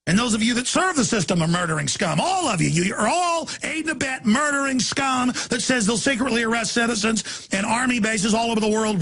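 A man rants at full volume as a talk show host, hurling insults in a gravelly, raspy voice. His tone is sharp and strained, and his pitch runs very high and swings wildly. Faint music plays underneath. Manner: furious, shouting, insulting. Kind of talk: ranting monologue.

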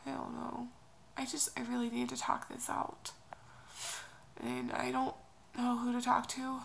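A young woman vlogging about a personal move, tearful and speaking in a halting, hesitant, soft way. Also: fairly high pitch, monotone, vocal fry, slight background noise. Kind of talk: emotional personal vlog.

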